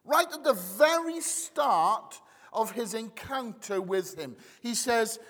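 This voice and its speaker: Lively high-voiced male preacher in a hall. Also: slow. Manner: expressive, conversational preaching to a congregation. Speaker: pastor. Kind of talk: sermon. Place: church.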